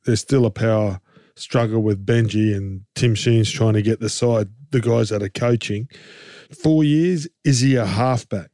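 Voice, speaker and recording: An Australian man co-hosting a casual sports chat, animated and jokey, rambling through his points with restarts and rhetorical questions. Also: on the low side, a little slow, dry recording, studio quality. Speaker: co-host and game commentator.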